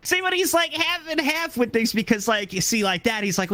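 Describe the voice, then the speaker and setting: A man's voice: extremely high pitch, brisk, pushed and bright. A young man who is a guest on an interview stream, telling stories in a rambling, casual way. He repeats himself often and restarts his sentences as he goes along.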